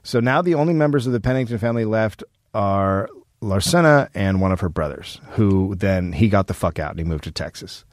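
A man co-hosting a comedy podcast who tells a history story in a casual, profane, laid-back way, often pausing with "um". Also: fairly low pitch, no echo, studio quality.

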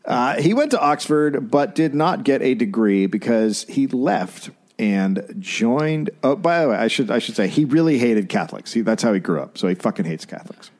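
A man hosting a comedic history podcast, telling the story in a joking, animated way. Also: mid-range voice, normal speed, hardly any pauses. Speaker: podcast host.

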